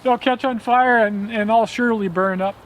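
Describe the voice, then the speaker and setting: A man's voice: sits high, steady tone, normal speed, a little hiss or hum, pitched above the performer's own voice, close to an everyday voice, poor audio. A man voicing a short red alder tree who apologizes hesitantly in a told folk tale. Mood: apologetic.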